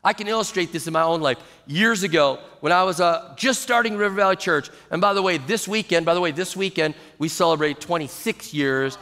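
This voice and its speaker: Animated pastor preaching in a big hall. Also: male voice, a little high, fairly quick, hardly any pauses. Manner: animated, acts out quoted people in shifting voices. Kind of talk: sermon. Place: large church auditorium. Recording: long hall reverb.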